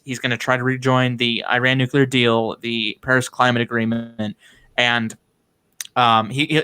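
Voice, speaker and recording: Male host, bright voice, opinionated, fillers and restarts, casual discussion. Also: medium pitch.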